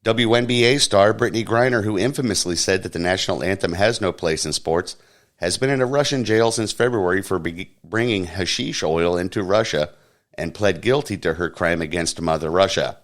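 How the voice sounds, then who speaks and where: Deep-voiced man reading mock news. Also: normal speed. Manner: deadpan mock newsreader, puts on silly voices for quotes. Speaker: podcast host. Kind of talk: satirical news segment.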